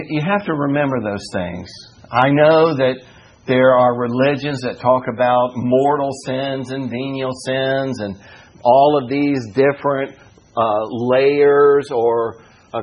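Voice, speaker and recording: On a muffled recording, a man teaches a Bible study in a folksy, joking style. He says "you know" constantly and swings between raised preaching and quiet asides.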